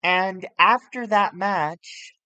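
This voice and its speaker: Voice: mid-range voice, drawn-out words, pushed and bright, smooth, no echo. A streamer giving casual, rambling commentary with self-corrections while playing a wrestling management game on a close mic.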